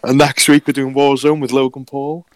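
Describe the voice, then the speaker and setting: A man's voice: mid-range voice, little pitch movement, normal speed, no room sound. A man co-hosting a podcast in casual chat, laughing often and correcting himself mid-sentence. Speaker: podcast co-host.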